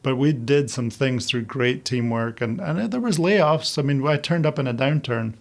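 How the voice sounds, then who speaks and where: A man speaks as a podcast guest in a gravelly, mid-pitched voice. He tells his stories with animation and mimics the people in them as he goes. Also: normal speed. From Scotland. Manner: animated storyteller, acts out quoted voices, laughs often. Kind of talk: casual interview chat.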